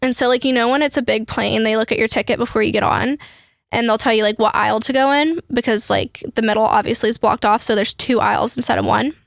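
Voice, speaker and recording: Swearing young woman, gravelly and quick. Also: on the high side, no room sound, studio quality. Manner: animated, swearing, quick storytelling. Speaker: podcast host. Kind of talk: casual storytelling chat.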